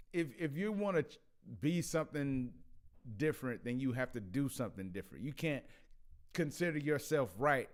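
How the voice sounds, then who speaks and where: A man's voice: a little high, clean tone. Chuckling, stammering male vlogger. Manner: laughs often, stammers and restarts. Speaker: vlog host. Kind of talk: casual social commentary.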